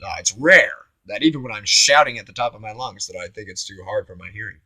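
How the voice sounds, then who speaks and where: A man rambling through a spiritual self-reflection, musing aloud, with his voice shifting between loud and hushed. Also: lowish voice, lively intonation, fast talker, no echo. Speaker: vlogger. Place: home on Maui.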